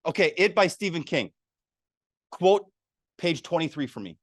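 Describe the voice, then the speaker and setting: Animated man teaching public speaking. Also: on the high side, normal speed, dry recording, studio quality. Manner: animated, asks the audience questions. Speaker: workshop presenter. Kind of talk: public speaking lesson to a live audience. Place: meeting room.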